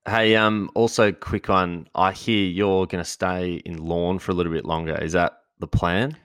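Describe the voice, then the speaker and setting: A man's voice: sits low, flat delivery, normal speed, fairly bright tone, smooth, no room sound, studio quality. A man hosting a podcast in a casual, upbeat way with eager interjections. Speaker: podcast host.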